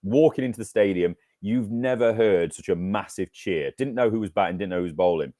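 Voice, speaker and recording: A man's voice: fairly low pitch, brisk, dark tone, dry recording, clean studio sound. A man from England co-hosting a cricket podcast, telling stories with enthusiasm in casual chat. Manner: enthusiastic storytelling. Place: New Zealand.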